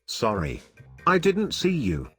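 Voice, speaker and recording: A man's voice: mid-range voice, huge pitch swings, takes it slowly, a bit bright, soft background music, heavily acted. A man voicing a flustered young male wizard in a storybook reading, talking awkwardly and embarrassed.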